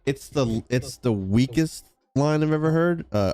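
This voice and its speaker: A man's voice: medium pitch, animated, unhurried, dark tone. A man co-hosting a stream in casual chat, teasing and reading chat aloud.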